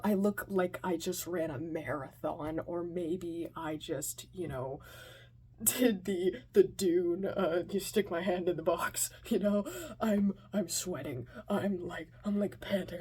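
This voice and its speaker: A woman's voice: fairly low pitch, mellow, slight background noise. A woman telling a comic personal story in an anxious, self-mocking way, often dropping into whispered asides.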